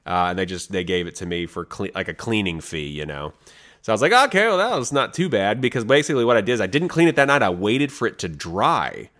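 Animated man telling stories. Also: lowish voice, fast. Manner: animated, laughs often, acts out voices in stories. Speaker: podcast co-host. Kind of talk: casual storytelling chat.

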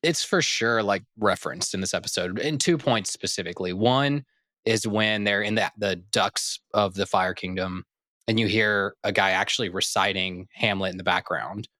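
A man's voice: fairly low pitch, normal speed, pushed and bright, dry recording. A man co-hosting a podcast, chatting casually and laughing often. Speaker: podcast co-host. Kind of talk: casual chat.

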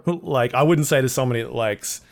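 A man's voice: medium pitch, brisk, creaky. A man co-hosting a podcast, easygoing and full of questions as he chats. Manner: easygoing, asks lots of questions. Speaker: podcast co-host. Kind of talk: casual chat.

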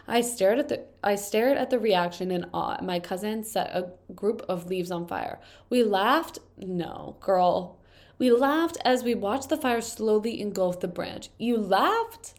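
A young woman talks in a casual, chatty way, her voice thick and congested from allergies. She reads posts aloud and drops quick, wry comments between them. Her pitch sits in the middle for a woman. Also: a little mellow. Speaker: video host reading and reacting to confession posts.

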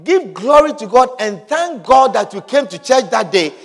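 A man preaching a sermon with emphatic repetition and sudden shouted lines. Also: extremely high pitch, big pitch swings, moderate pace, vocal fry, long reverb tail. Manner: emphatic, repeats phrases, bursts into shouts.

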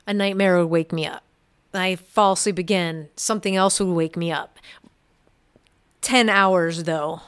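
Woman, middle-aged, podcast guest, low voice, smooth and clear, earnest, halting, quiet personal testimony.

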